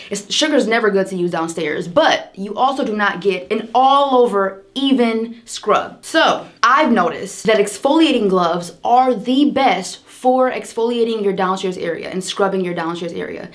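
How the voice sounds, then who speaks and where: A young American woman with a chatty, sisterly manner, giving casual beauty advice to camera and calling her viewers "girl". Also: medium pitch. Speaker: beauty vlogger.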